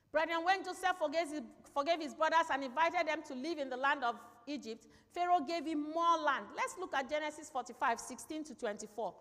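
High-voiced woman preaching in a reverberant hall. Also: a bit bright. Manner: emphatic, repeats key phrases, asks the congregation questions. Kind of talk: sermon. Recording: long reverb in a large hall.

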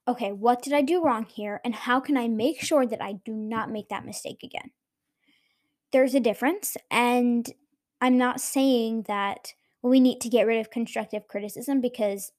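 A woman's voice: fairly high pitch, darkish tone. Earnest young woman podcast host. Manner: earnest, encouraging, direct to listeners. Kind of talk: casual solo podcast talk.

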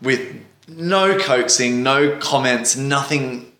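A man co-hosting a casual chat show, telling an animated story and laughing often. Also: medium pitch, slow, reverberant. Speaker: podcast co-host.

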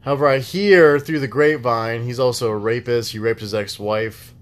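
A man's voice: medium pitch, moderate pace. Laid-back man podcast host. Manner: laid-back rambling, laughs often. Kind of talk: casual chat.

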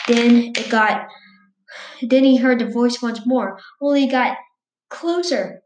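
A woman's voice: on the high side, a little slow, a little mellow, reverberant, rough recording. Casual woman reading a scary story aloud. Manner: casual, stumbling read-aloud with restarts.

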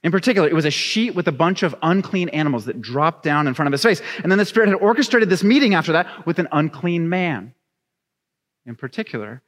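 A young adult man preaching a sermon, reading scripture and then telling a chatty, animated story with laughs. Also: on the high side, fast. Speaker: pastor. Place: church sanctuary. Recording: long reverb of a church hall.

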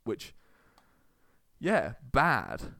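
Relaxed man explaining on a podcast. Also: medium pitch, extremely slow, creaky, no echo, clean studio sound. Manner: relaxed, laughs often, explains with fillers. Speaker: podcast co-host. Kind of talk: casual chat.

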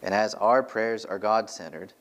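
A pastor preaching a sermon from the pulpit of a church, earnest and emphatic, repeating key phrases for weight. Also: male voice, fairly low pitch, normal speed.

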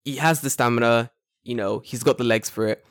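Man in his twenties, dry animated storytelling. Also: mid-range voice, fairly quick, no room sound. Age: 20s. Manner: animated storyteller, swears freely, acts out quotes. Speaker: podcast co-host. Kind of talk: casual chat.

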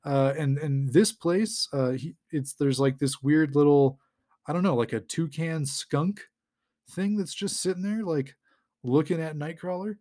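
A man's voice: fairly high pitch, a little slow, dark tone. A man hosting a podcast, casually recapping a comic in a rambling way with lots of fillers and chuckles. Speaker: podcast host.

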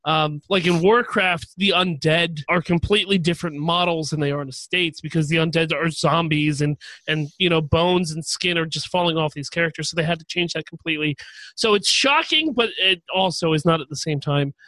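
A man's voice: a little high, a little fast, bright, forceful tone, no echo. A man co-hosting a casual chat show, talking in loose rambling bursts and often repeating his first words. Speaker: podcast co-host.

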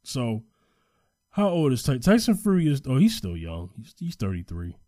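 Animated man, dry close mic. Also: mid-range voice, moderate pace, no echo. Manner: animated, voice jumps up when excited, trails off quietly when looking things up. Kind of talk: casual chat.

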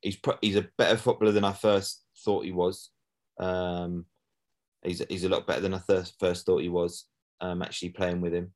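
A man's voice: sits low, level tone, normal speed. A middle-aged man, a former footballer, chatting casually as a guest and often asking "do you know what I mean". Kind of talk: casual interview chat.

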